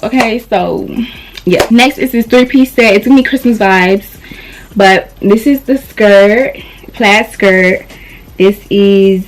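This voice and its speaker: A young woman talking her viewers through a clothing haul in a loose, rambling way. She sounds slightly out of breath, and her voice sits at an ordinary middle pitch. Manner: chatty, rambling, addresses viewers as y'all. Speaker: vlogger.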